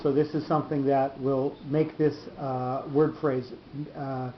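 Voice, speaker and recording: Halting male teacher, echoey room. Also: level tone. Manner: halting, many restarts and fillers, slows to spell out terms. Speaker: Torah teacher. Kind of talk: study-session explanation. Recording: dull echoey room with faint rumble.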